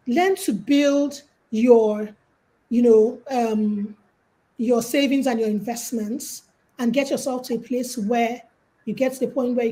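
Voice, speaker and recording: On a call, a guest speaker, a Nigerian woman, shares easygoing life and money tips, livening them up with stories and acted-out quotes. Her voice is a little high, and the recording quality is low.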